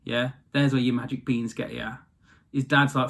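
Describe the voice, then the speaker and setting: A man's voice: mid-range voice, flat delivery, normal speed, vocal fry, a bit bright. A man casually telling a fairy tale, in a rambling, chatty way that often corrects itself. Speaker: storyteller. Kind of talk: casual storytelling.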